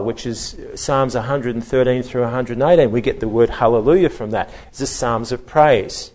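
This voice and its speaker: A man preaching an expository sermon, emphatic, his voice swelling and then dropping low, repeating words as he restarts. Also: a little mellow.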